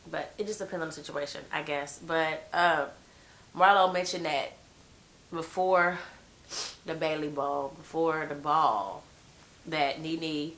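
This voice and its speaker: A woman's voice: sits low, a bit bright. A woman with a head cold giving a blunt, slangy, gossipy recap of a TV episode in casual chat. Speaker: TV show reviewer.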